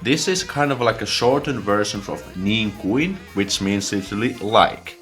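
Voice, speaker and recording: A man's voice: on the low side, expressive, normal speed, a bit bright, faint music behind. A man in his twenties with a Finnish accent, casually explaining words to camera with lots of fillers and restarts. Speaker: language teacher.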